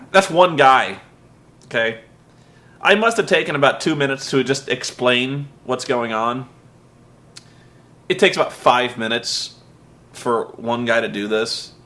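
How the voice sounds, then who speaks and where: A man's voice: mid-range voice, unhurried, pauses often, sharp tone. A man giving a profane, exasperated comedic rant as a wrestling show reviewer, mocking what he watched. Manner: exasperated, mocking, heavy swearing.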